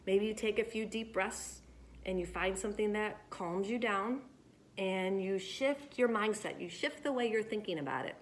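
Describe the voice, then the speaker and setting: A woman teaching children after reading a picture book, gentle and encouraging as she talks straight to them about handling disappointment. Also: medium pitch, normal speed.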